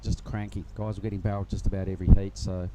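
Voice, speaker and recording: Aussie guy doing surf commentary, lowish voice, lots of ums, noisy booth. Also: quick pace. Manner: relaxed, rambling, many fillers. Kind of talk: live sports commentary.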